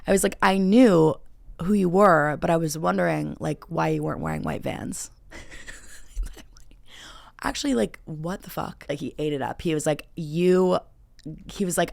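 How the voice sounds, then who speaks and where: A woman's voice: sits low, normal speed, vocal fry, a little mellow, no room sound. A young woman hosting a podcast, telling a dating story in a chatty, filler-heavy way with frequent laughter. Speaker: podcast host. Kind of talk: casual storytelling.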